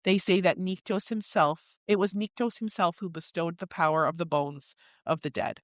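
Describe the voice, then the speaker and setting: A woman's voice: on the low side, moderate pace, no room sound. Woman co-host summarizing chapters in a dry room. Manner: swearing freely, lively summarizing with quoted asides. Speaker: podcast co-host. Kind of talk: casual book club chat, summarizing chapters.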